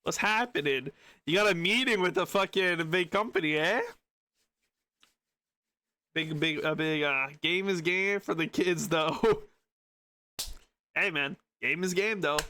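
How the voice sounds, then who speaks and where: A man's voice: a little high, unhurried, long pauses, sharp tone. A man streaming, joking around in slangy, casual banter with someone next to him while reacting.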